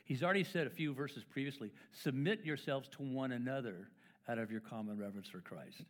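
A man's voice: mid-range voice, a little fast. A middle-aged man preaching a sermon in a church, conversational and playful, acting out quoted fathers with stammers and asides. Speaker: pastor. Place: church sanctuary.

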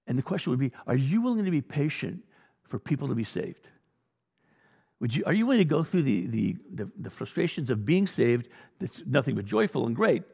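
A male pastor delivers a sermon with a gravelly edge to his voice. He speaks bluntly and exhorts his listeners, firing rhetorical questions and plain challenges at them. His words ring with the long reverb of a church hall. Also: mid-range voice, expressive, brisk, darkish tone.

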